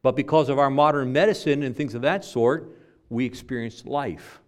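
A man's voice: medium pitch, moderate pace. Man, middle-aged, preacher, sermon storytelling, repeats words, dynamic volume.

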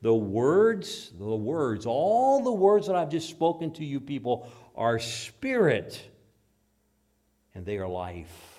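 A pastor preaching a sermon, reading scripture aloud dramatically and dropping into quiet asides, asking the congregation questions. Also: male voice, mid-range voice, sing-song, slow pace. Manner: dramatic, swings between loud scripture reading and hushed asides.

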